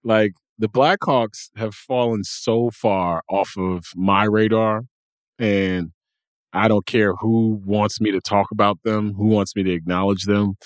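A man hosting a sports podcast, joking loudly and swinging between high exclaims and low grumbles. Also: steady tone, a little slow, no echo, studio quality. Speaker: podcast host. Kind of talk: animated sports talk. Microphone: studio mic, dry close sound.

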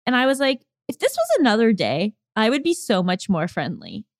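A woman's voice: on the high side, huge pitch swings, fairly quick, no room sound, studio quality. A young woman co-hosting a podcast, chatting in a reflective, friendly way. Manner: reflective, friendly, laughs easily. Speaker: podcast co-host. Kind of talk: casual chat.

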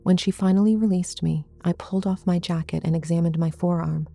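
A woman narrating a first-person horror story in a measured, suspenseful reading. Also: on the low side, steady tone, gravelly, dark tone, soft background music.

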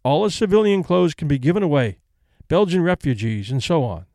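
This is a brisk old lady in a storybook reading who meets grief with practical plans, voiced by a male narrator. Her voice sits a little high, and she talks crisply and decisively. The sound is dry and close. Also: very animated, darkish tone, no echo. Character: older woman, brisk, stoic, practical invalid.

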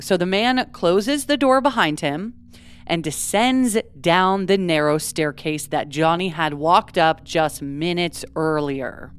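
Smooth, low-voiced woman podcast host. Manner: conversational, with many fillers like "like" and "kinda". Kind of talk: casual true crime narration.

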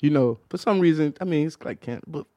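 A man hosting a podcast, chatting casually with crude, animated storytelling. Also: fairly high pitch, a little fast, dry recording, highs cut off. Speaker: podcast host. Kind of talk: casual comedic chat.

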